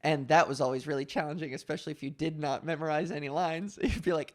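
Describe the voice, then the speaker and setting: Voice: medium pitch, fairly even intonation. A young adult podcast host and comedian telling a story in casual chat, swearing freely and rambling. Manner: profane, rambling, drops into quick put-on voices.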